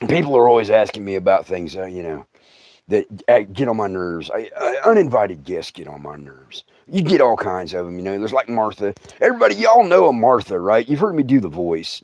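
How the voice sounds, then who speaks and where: A middle-aged man, hosting a comic storytelling livestream, laughing through his tale and breaking into loud outbursts. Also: fairly low pitch, very animated, a little fast, no echo. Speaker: comedian host. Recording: dull, dry sound.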